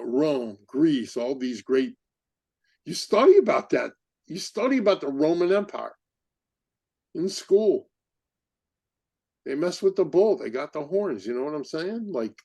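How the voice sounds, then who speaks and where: A man hosting a podcast, giving heated, indignant commentary full of rapid rhetorical questions. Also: fairly high pitch, warm tone. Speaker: podcast host. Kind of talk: impassioned commentary.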